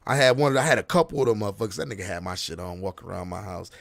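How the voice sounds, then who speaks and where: A man in his thirties telling a long story in casual chat, with animated delivery and heavy street slang, acting out what people said. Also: lowish voice, rapid-fire, vocal fry, no room sound, studio quality. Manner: animated, profane street slang, acts out quotes. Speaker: podcast host.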